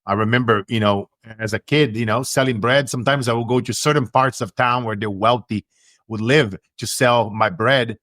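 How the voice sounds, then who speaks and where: Male host, mid pitch, reflective and affirming, dry close sound. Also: normal speed, a bit bright, no room sound. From Brazil. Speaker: podcast host. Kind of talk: conversational interview.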